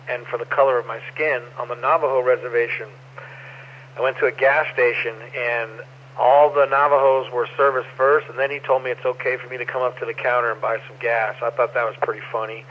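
Middle-aged ham radio man telling stories. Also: mid-range voice. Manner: rambling, storytelling, relaxed. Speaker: amateur radio operator. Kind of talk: casual radio chat. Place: over the air on amateur radio. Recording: muffled ham radio audio with faint noise.

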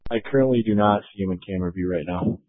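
A man working as a patrol officer, giving brisk, terse replies over the radio. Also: fairly low pitch. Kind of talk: radio dispatch calls. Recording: tinny police radio scanner audio.

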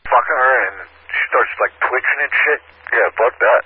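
A man's voice: medium pitch, moderate pace, slightly rough. A man in casual chat, blunt and profane as he retells a conversation. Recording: dry, tinny phone-like sound.

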